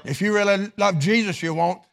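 A middle-aged man preaching a sermon in a church, with chanted, sung-out phrases, then falling to a hushed voice in prayer. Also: high voice, brisk, vocal fry, faint music behind. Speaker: pastor. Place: church sanctuary.

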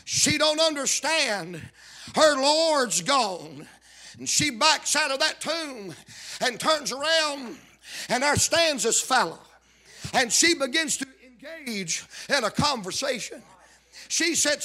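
A man preaching a sermon, repeating call-outs to the congregation and rising into shouted emphasis. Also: very high voice, expressive, slow. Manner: builds to shouted emphasis, calls out "are you listening".

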